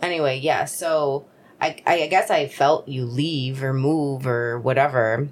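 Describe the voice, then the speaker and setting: A woman co-hosting a podcast, chatting casually and telling a story, acting out her own thoughts in high, excited voices. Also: unhurried. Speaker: podcast co-host. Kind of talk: casual chat.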